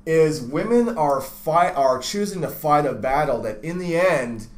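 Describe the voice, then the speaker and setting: A man's voice: a little high, expressive, measured pace. A man hosting a dating-advice talk show, casual, blunt and profane, often talking over his co-host. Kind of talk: casual chat.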